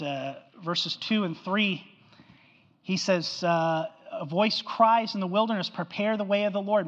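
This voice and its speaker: Pastor preaching in a reverberant hall. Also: male voice, high-pitched, fairly bright tone, highs cut off. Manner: conversational preaching, keeps asking "right?". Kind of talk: sermon.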